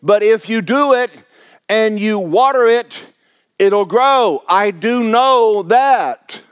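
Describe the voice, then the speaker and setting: A man's voice: high voice, slow, clean tone, dry recording, studio quality. A man preaching a sermon, folksy and fiery, repeating phrases for emphasis. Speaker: pastor.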